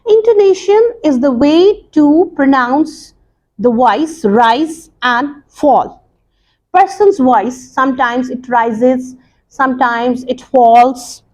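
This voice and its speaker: A woman English teacher explaining a lesson to students, slowly and deliberately, with many pauses and repeats. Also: high voice. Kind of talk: recorded classroom lesson.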